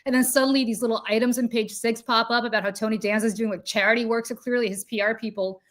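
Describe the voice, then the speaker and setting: A woman's voice: on the high side, fairly even intonation, fast. A woman in her forties, a podcast host, telling a self-deprecating story in casual chat.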